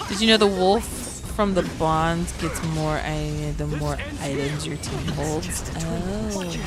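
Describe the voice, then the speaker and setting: A woman's voice: fairly low pitch, a little slow. A woman streaming as a virtual singer and gacha player, chatting playfully with her chat while she plays, humming and laughing as she goes. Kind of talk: casual live-stream chat while gaming. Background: background music.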